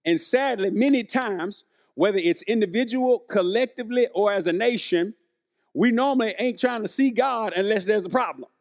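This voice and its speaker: Casting: male preacher, high voice, chatty sermon, keeps asking the room questions. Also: moderate pace. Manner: conversational, questions the congregation, acts out quotes.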